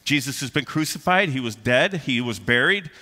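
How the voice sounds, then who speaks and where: A man preaching a sermon in a bright, forceful voice, his delivery emphatic yet conversational and sprinkled with "uh" fillers. His voice rings out with the long reverb of a big church hall. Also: medium pitch, expressive, moderate pace. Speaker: pastor.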